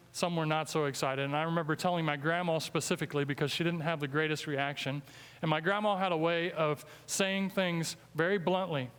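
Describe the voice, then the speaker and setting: A man's voice: on the high side, a bit bright, clean tone. Earnest Midwestern man preaching in a reverberant church. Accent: Midwestern American. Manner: earnest, emphatic, slows down for scripture. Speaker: guest preacher. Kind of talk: sermon. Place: church sanctuary.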